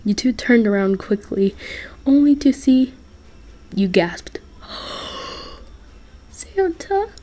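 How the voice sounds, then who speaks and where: A woman reads a fan-made story aloud in a casual, rambling way, giggling between lines. She talks slowly, her voice soft and mellow. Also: mid-range voice.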